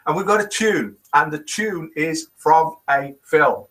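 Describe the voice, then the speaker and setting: A middle-aged man from the United Kingdom hosts a casual live morning broadcast, reading viewer comments aloud with playful, chuckling banter. His voice sits fairly high and swings widely in pitch. The tone is bright and forward. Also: takes it slowly, hardly any pauses, low-quality recording. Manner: lively, chuckling, playful quiz-master banter. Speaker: host of a daily live show.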